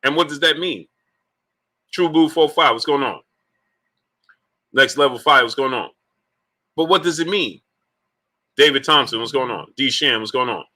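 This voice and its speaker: A man hosts a live-streamed sports talk show with a bright, forceful voice. He hammers his points home through rhetorical repetition, breaking off to greet chat viewers by name. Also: medium pitch, normal speed, pauses often. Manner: animated, rhetorical, repeats points emphatically.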